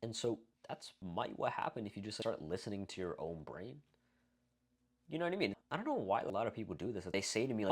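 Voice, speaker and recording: A man's voice: lowish voice, sing-song, fairly quick, breathy edge. A young man giving a blunt, profane, casual self-improvement talk, full of fillers and rhetorical questions. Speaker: self-improvement video creator. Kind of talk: casual monologue to camera.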